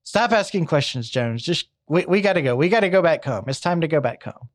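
A man's voice: a little high, lively intonation, fairly quick, close to an everyday voice. A man voicing a cold, menacing husband who gives clipped threats.

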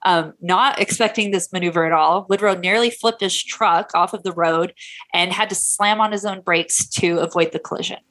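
A woman's voice: lowish voice, steady tone, moderate pace, a bit bright. English woman, podcast co-host, casual chatty storyteller with fillers.

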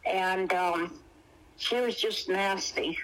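A woman's voice: medium pitch, slow pace, fairly bright tone, poor audio. A woman interviewee recalling school days in a blunt, emphatic way. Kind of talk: casual interview recollection.

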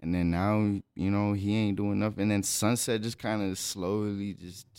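A man with a lowish voice tells his own stories as a podcast guest, in slangy, profane, easygoing talk. He laughs his way through the funny parts. The recording is dry and close, with no room sound. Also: fairly even intonation, moderate pace, darkish tone, clear, resonant tone, no echo. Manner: loose, profane storytelling with lots of slang; laughs while telling stories. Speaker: rapper telling his story as a guest. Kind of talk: casual podcast conversation.

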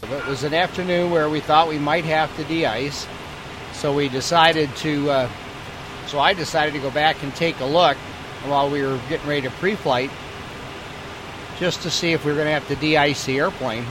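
A man, an airline captain, telling a wry story in a relaxed way. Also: a little high, normal speed, background noise. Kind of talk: casual anecdote.

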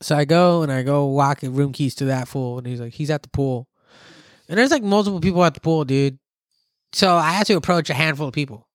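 A man's voice: a little high, quick pace, no echo, studio quality. A man telling a story in casual chat, swearing freely and acting out quotes. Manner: animated, profane, acts out quotes.

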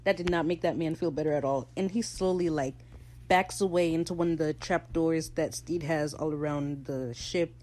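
A woman's voice: low-pitched, fairly even intonation, darkish tone, poor audio. Opinionated woman ranting over a show recap. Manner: opinionated, ranting, slips into quick character voices. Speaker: podcast host. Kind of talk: casual TV episode recap.

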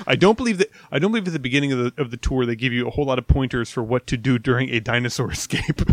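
A man's voice: mid-range voice, racing, no room sound. A man co-hosting a podcast, joking and reacting in casual banter. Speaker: podcast co-host.

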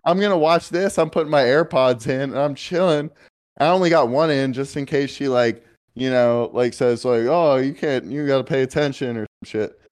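A man's voice: mid-range voice, normal speed. A young man, co-host of a casual podcast, telling a rambling story full of swearing and mimicry. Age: young adult. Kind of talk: casual chat.

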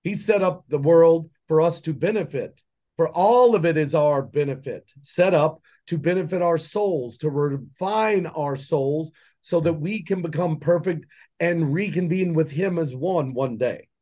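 Appearing as a guest on a podcast, a man with children who works as an entrepreneur and mentor preaches his beliefs with passion. He talks a little slowly in a warm, fairly high voice, peppering the monologue with rhetorical questions.

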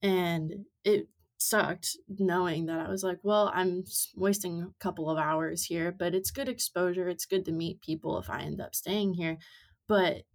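A young woman in her twenties with a fairly low voice tells long stories as a podcast guest. She talks casually and chattily, with many likes and ums along the way. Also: fairly even intonation, unhurried. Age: 20s. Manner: chatty storytelling with many fillers. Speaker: podcast guest, amateur rider. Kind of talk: casual interview chat.

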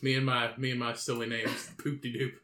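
A man's voice: medium pitch, flat delivery, brisk, a crowd in the background. A man co-hosting a podcast in casual banter, goofy, joking and swearing. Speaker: podcast co-host. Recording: echoey room.

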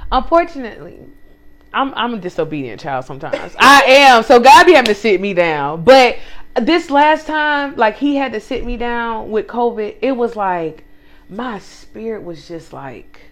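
A young woman hosting a casual faith chat, animated and preachy, who drops into quiet asides. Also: fairly high pitch, moderate pace. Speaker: podcast host.

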